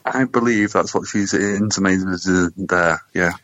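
Deep-voiced male co-host, crude joker, on a dull lo-fi recording. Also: a little slow, fairly bright tone. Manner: crude, jokey storyteller. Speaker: podcast co-host. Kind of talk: casual chat.

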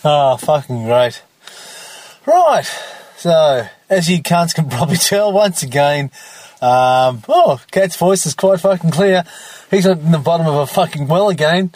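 Male podcast host, crude, rambling and mocking, fairly high pitch, dry recording from a parked car. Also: expressive, measured pace, a little mellow, no echo. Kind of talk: casual solo podcast monologue. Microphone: self-recorded in the car.

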